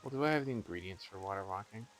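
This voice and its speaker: A man's voice: on the low side, expressive, very fast, faint music behind, poor audio. A man streaming a video game live, giving casual, playful commentary and muttering his reactions to himself.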